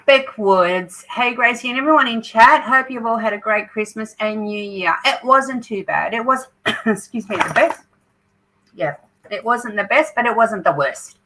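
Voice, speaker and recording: Hosting her craft channel's live stream, an Australian woman chats and reads out viewer comments at a moderate pace. Her voice is a little high, bright and forceful, and the rough recording has slight background noise.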